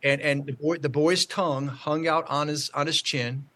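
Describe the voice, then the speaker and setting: Man, fairly high voice, halting storyteller, lots of ums and restarts, church testimony on a call. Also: steady tone, sharp tone. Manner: halting, many fillers and restarts. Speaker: minister telling a testimony. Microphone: call audio.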